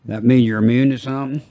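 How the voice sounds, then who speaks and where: A man's voice: mid-range voice, mellow, no echo. An older man with a small-town American twang, hosting a podcast and telling rambling jokey stories in casual chat. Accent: rural American twang. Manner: rambling, joking, laughs at his own stories. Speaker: podcast host.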